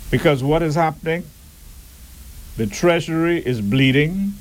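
A man giving a deliberate, emphatic public address and asking rhetorical questions. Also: fairly high pitch, rough recording. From Turks and Caicos Islands.

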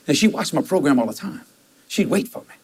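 A man's voice: a little high, big pitch swings, fairly quick, darkish tone. A man, preaching a storytelling sermon and jumping into quoted voices with laughter.

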